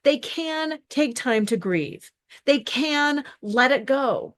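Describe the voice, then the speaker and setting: Animated woman podcast host and coach. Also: sits high, slow pace. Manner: animated, acts out quoted reactions, lists in runs. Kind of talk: casual podcast monologue.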